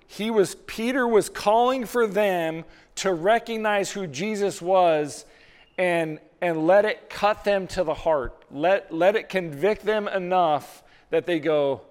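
Male pastor preaching in a sermon, slightly high voice, smooth and resonant, earnest with repeated words, long hall reverb. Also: a little slow.

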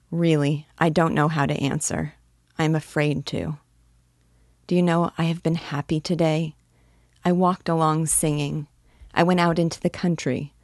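Woman voicing a timid lonely young man, earnest and pleading, low voice, dry sound. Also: darkish tone, dry recording. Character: shy lonely dreamy young man of twenty-six.

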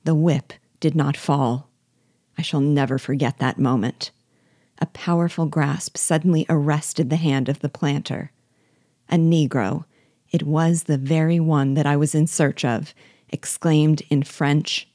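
A woman reads a classic novel aloud at a slow, measured pace. Her voice is low and warm, and the recording is close and dry with no room sound. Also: steady tone, no room sound. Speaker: reader and teacher.

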